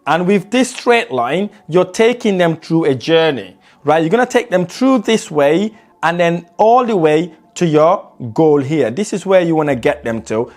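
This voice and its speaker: A man teaching sales techniques as a trainer, shifting his pace and loudness to stress points and repeating words for emphasis. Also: on the high side. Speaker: sales trainer and property investor. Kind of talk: motivational sales lesson.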